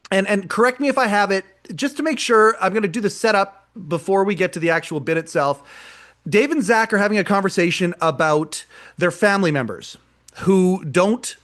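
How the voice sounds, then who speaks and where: A man's voice: high voice, a bit bright. A man co-hosting a podcast, retelling a live show in casual chat, rambling and repeating words as he goes. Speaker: podcast co-host.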